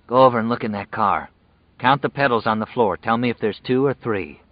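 A man voicing a sick, injured grown man who croaks his words in a weary, hoarse way in a storybook. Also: mid-range voice, fairly quick, no echo, dull audio, close to an everyday voice.

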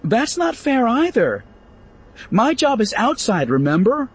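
A man voicing an indignant young woman who complains her chores are unfair, pitched very high. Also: huge pitch swings, a little slow, husky, full character voice. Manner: complaining, whiny.

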